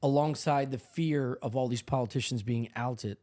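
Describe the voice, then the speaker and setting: A man's voice: medium pitch, normal speed. A man riffing crudely and at length in a casual comedy podcast chat. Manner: rambling, crude, deadpan riffs. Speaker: podcast co-host or guest.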